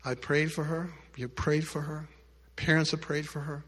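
A male pastor telling a story in a sermon, addressing the congregation directly and moving between loud emphatic lines and hushed quiet ones. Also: a little high, steady tone, normal speed, slightly rough, in a large hall. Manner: speaks directly to the congregation with asides.

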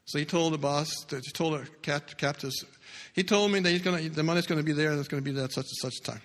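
A man delivers a sermon as a dramatic story, jumping from loud bursts to hushed, low lines. His voice sits a little high and rings bright. The sound carries the long reverb of a church hall. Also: fast talker. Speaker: pastor.

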